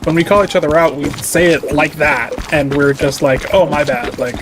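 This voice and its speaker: A man's voice: a little high, normal speed, noisy background. A man chatting casually while he plays a game on stream, loose and rambling, full of "like" fillers. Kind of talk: casual chat.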